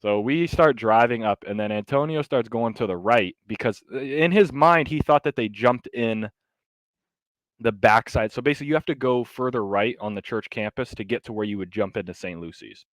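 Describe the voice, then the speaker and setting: A man co-hosting a podcast, telling a story in casual, animated chat with lots of fillers and some swearing. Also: mid-range voice, normal speed, dry recording. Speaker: podcast co-host.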